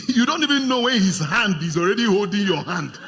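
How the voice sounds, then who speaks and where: Nigerian pastor preaching, high bright voice, acts out little voices, big echoey church. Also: male voice, brisk. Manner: animated, acts out voices of tempters, laughs with congregation. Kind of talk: sermon. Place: church hall with congregation. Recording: long hall reverb.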